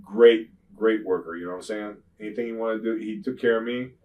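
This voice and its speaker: Older ex-wrestler guy, low voice, kinda far from the mic, swears a lot, keeps saying you know what im saying. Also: quick pace, phone-quality sound. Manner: rambling, profane, frequent "you know what I'm saying"; grows loud and animated when retelling confrontations. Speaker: retired pro wrestler, interview guest. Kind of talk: shoot interview storytelling.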